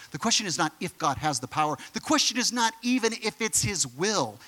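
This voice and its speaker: Bright-voiced man preaching a sermon. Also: sits high, quick pace, few pauses, big-room sound. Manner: emphatic preaching, swinging from excited bursts to hushed lines. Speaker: pastor.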